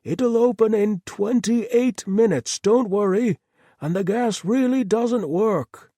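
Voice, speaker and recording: In this audiobook, a man with a high, warm voice plays a cheerful, polite murderer who feels no remorse yet sounds oddly reasonable. He takes his time, chirpy and cheerfully apologetic, his voice pushed up in a dry recording.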